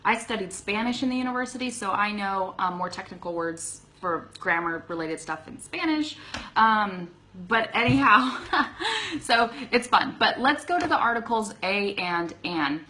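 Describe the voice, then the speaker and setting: A woman's voice: medium pitch, expressive, a little slow, bright, forceful tone, slight background noise, low-quality recording. Chatty Californian woman teaching English. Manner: chatty, laughs often, checks in with "okay?". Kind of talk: live online English lesson.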